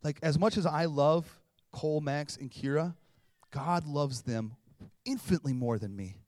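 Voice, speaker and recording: A man's voice: fairly high pitch, moderate pace, dry recording, clean studio sound. A man in his thirties, a pastor, preaching a casual, conversational sermon and acting out little voices. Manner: conversational, animated, acts out voices.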